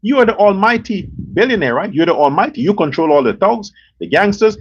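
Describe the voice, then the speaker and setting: A man's voice: high voice, very animated, moderate pace. A man hosting a political commentary show, ranting angrily with profanity, scorn and rhetorical questions. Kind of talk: angry political rant. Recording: dull lo-fi sound with faint noise.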